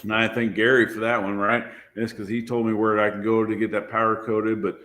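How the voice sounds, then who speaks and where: A man's voice: fairly low pitch, flat delivery, a little fast, a bit bright. A man, a drag racer and guest, telling a story about his car in a loose, self-deprecating way, laughing and swearing as he goes. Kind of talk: casual storytelling.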